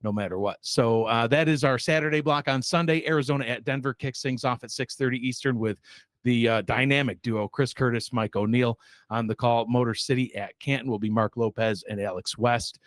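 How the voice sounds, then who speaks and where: A man's voice: medium pitch, steady tone, fairly quick, dry recording, studio quality. A man hosting a sports show in a loose, rambling way, full of fillers and self-deprecating asides. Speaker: show host. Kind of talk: casual sports show chat.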